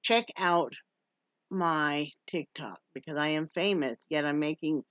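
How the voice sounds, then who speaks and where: A woman's voice: low voice, normal speed, a bit bright, dry recording. Woman from wyoming chatting on her vlog, jokey, coos at her dog, kinda muffled lo-fi audio. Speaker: vlogger. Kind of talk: casual chat vlog. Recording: dull lo-fi sound.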